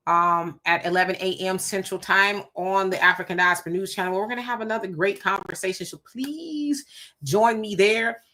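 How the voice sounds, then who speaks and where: A woman with a fairly low voice, originally from Southern California, runs a relaxed live stream. She reads her viewers' comments out loud, reacting to each with animated sass.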